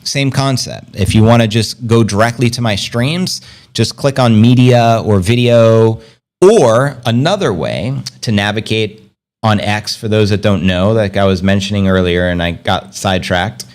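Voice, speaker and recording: A man hosting a casual livestream, rambling upbeat and slangy, reading out viewer comments and giving shout-outs. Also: fairly low pitch, unhurried. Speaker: crypto livestream host.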